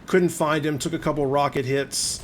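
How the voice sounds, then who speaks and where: A man's voice: a little high, steady tone, moderate pace, slight background noise. A man narrating his own gameplay in a conversational voice-over, explaining each move and openly admitting when he gets frustrated. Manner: conversational, explaining play as it unfolds. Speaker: gaming video host.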